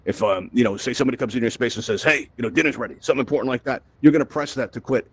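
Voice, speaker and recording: A man's voice: mid-range voice, racing, a little mellow, breathy edge. A man from Brooklyn hosting a live VR event and teaching the audience, chatty and upbeat, tagging his lines with "right?". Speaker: event host and VR instructor. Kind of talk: live presentation to a virtual audience.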